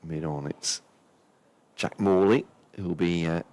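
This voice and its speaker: A man's voice: low voice, takes it slowly, a little mellow. A man co-commentating on a cricket match, methodically working through the fielders and calling each ball. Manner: careful, methodical, checks the fielding positions aloud. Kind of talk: live sports commentary.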